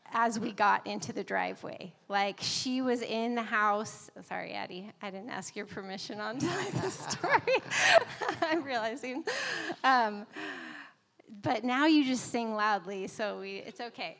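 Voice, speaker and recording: Woman, 30s, church speaker; relaxed anecdotal delivery, frequent laughs and fillers. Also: fairly high pitch, long reverb tail. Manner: chatty and conversational, laughs often, many fillers. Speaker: guest speaker at a church service. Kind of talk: personal stories in a church message. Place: church sanctuary.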